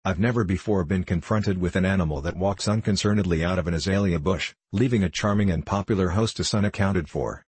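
A man reads as a stately old lord who lectures slowly and precisely, in a low, husky voice. Every word comes out measured and unhurried, close and dry to the mic. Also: darkish tone, dry recording. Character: pompous elderly aristocrat, expert on wild beasts.

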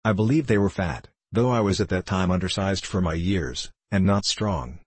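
A man narrating a classic novel as an audiobook, reading in a measured, deliberate way. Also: sits low, slightly rough, no echo.

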